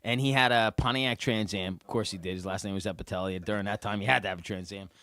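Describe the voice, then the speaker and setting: A man with a New Jersey accent co-hosting a casual podcast, telling animated stories, acting out quotes and laughing often. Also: on the low side, fast talker, no echo. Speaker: podcast co-host. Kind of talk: casual chat.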